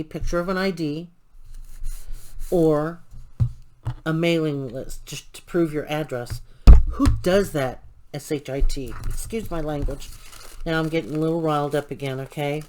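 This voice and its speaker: A woman hosting a crafting channel, telling an indignant, animated story about a customer service complaint while she works on a craft. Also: deep voice, slight background noise.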